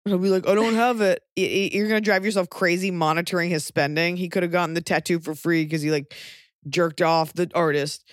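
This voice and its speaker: A woman's voice: on the low side, fairly quick, dry recording. Blunt joking woman, dry sound. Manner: blunt, joking, animated storytelling. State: pregnant. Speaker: podcast co-host. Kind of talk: casual chat.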